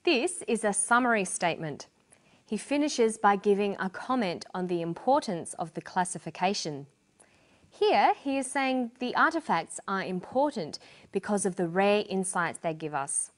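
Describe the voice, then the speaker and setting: A woman narrating a scripted English lesson as a teacher, speaking clearly and deliberately. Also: medium pitch, animated.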